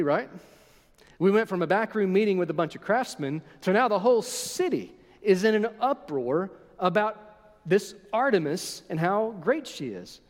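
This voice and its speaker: A man preaching a sermon, retelling a scripture passage with lively storytelling and acting out the crowd's voices. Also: high voice, long reverb tail. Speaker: pastor.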